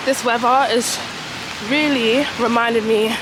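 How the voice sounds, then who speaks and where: A young woman chatting casually in a vlog, playful and quick to laugh. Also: fairly high pitch, echoey room, noisy background. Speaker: vlogger.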